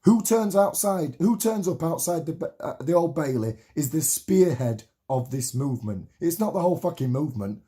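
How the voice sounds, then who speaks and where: A man in his late thirties delivers an impassioned monologue to camera, full of swearing and repetition. His voice sits high for a man yet sounds warm and soft-edged rather than bright. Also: expressive, normal speed, hardly any pauses. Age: 30s. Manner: heated, swearing, repetitive rallying rant.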